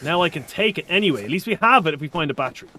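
A man streaming a survival game, chatting casually and excitably, with frequent swearing. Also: on the high side, very fast, a little hiss or hum. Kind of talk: casual live-stream commentary.

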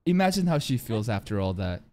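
An anime reaction host giving casual, excitable commentary, swearing a lot and laughing often. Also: mid-range voice, fairly quick.

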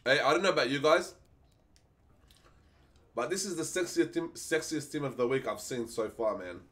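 A young man streaming live, chatting casually and excitedly as he opens game packs, swearing freely and pleading for good luck. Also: medium pitch, normal speed.

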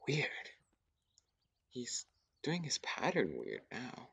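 A young man in casual gameplay commentary, thinking aloud in a hushed, often whispered voice, repeating himself as he works things out. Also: mid-range voice, wildly swooping pitch, takes it slowly, vocal fry, long pauses, husky, no room sound. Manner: thinks aloud, repetitive and tentative. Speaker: gaming YouTuber.

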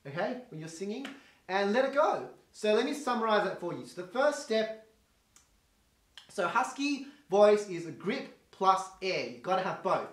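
A man teaching a singing lesson in a quick, chatty coaching manner, demonstrating with vocal sounds. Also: sits high, very animated, a bit bright. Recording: roomy echo, faint guitar behind.

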